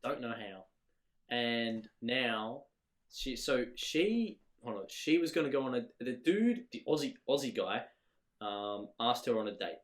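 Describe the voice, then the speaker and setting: A man's voice: medium pitch, animated, a little slow. A man co-hosting a casual chat podcast, mocking and joking, with plenty of ums and restarts. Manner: hesitant with many ums, dry mocking. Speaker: podcast co-host.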